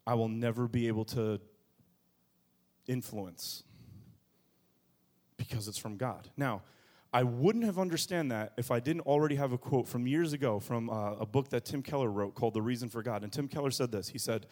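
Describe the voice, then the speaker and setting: A man preaching a sermon as pastor, moving between quiet low asides and loud, high bursts of emphasis. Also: moderate pace. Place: church.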